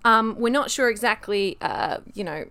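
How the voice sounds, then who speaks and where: A woman with a British accent chats casually, co-hosting and explaining where words come from. Her voice is bright and sharp, and her tone is smooth and crisp. She leans on fillers and giggles often. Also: fairly high pitch, lively intonation, normal speed. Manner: chatty, with frequent fillers and giggles. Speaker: podcast co-host. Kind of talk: casual chat explaining word origins.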